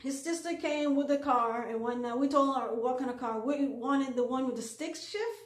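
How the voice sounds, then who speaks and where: A woman with a slightly high voice tells a personal story in a loose, rambling way, stopping often for filler ums and restarting her sentences. Her voice bounces around an echoey room. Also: normal speed.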